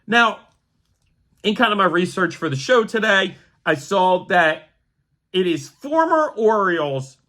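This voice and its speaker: A young man from the Philadelphia area talks through his solo podcast in a loose, chatty way. His voice sits high and swings widely in pitch. The tone is bright and forward, with animated storytelling. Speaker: podcast host. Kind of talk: casual solo podcast talk.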